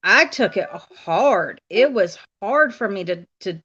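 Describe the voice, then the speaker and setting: A woman's voice: medium pitch, animated, slow pace, a bit bright, breathy edge. A woman from the United States chatting casually on a live stream and telling stories, laughing often. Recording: dull, lo-fi stream audio.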